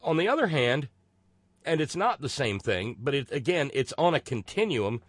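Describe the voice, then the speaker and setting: A man's voice: mid-range voice, very animated, normal speed, husky, dry recording. A man hosting a casual political talk show, rambling and sarcastic, with many restarts. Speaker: host.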